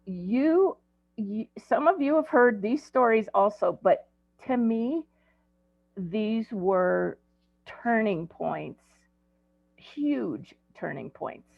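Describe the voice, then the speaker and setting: A woman's voice: mid-range voice, vocal fry, no room sound. A woman in her sixties, an ADHD coach, giving a conversational talk to parents, telling stories with frequent ums. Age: 60s. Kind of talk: presentation to parents. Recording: tinny phone-like dry audio.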